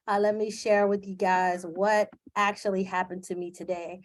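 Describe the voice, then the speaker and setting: Her mid-range voice is flat in delivery and a little slow. Speaking live into her computer's webcam as a video host, she comes across earnest and emotional, with frequent filler words.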